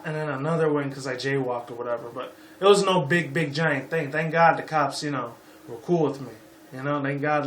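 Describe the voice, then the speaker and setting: A young man from Las Vegas rants at his camera, swearing constantly and wandering off topic. His voice sits a little high for a man. The room around him rings with echo, and a faint hiss runs underneath. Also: a bit bright. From Las Vegas, Nevada. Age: 20s. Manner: profane, rambling, repeats filler "you know". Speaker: YouTuber. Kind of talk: rambling opinion rant.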